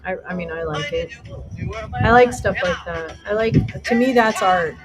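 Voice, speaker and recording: A middle-aged livestream host chatting casually with viewers, excitable and rambling, swearing freely. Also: medium pitch, normal speed, over loud music, rough recording.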